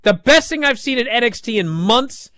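A man hosting a casual talk show, telling a story with big swings from hushed to shouting. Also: very high voice, expressive, moderate pace, no room sound. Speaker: wrestling podcast host.

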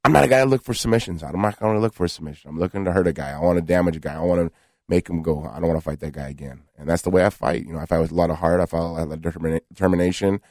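A man's voice: low voice, racing, a little mellow, no room sound. A man guesting on a radio show in a studio, talking in a brash, boastful way with lots of fillers. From United States. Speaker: fighter guest. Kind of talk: radio interview.

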